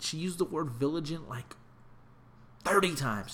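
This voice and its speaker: A young adult man telling a comedic travel story in a casual, animated, profane and rambling way. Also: on the high side, measured pace, a little hiss or hum.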